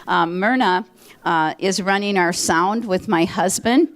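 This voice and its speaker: A woman's voice: on the low side, unhurried. An older woman from Minnesota, a theater director, chatting through a rambling curtain speech to a live audience from the stage. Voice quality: chatty, rambling, with fillers and restarts. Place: stage in a country club hall.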